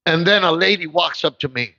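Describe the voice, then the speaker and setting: Male preacher, high and forceful, preaches with fire, shouts at peaks; dry, muffled livestream sound. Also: a little fast, no room sound. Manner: impassioned, swings into shouts. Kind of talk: sermon with storytelling.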